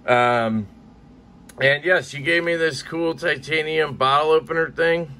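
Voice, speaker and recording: A man's voice: on the high side, unhurried, sharp tone. A man vlogging in a casual, rambling way, swearing offhandedly as he chats. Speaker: knife collecting vlogger. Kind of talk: casual chat.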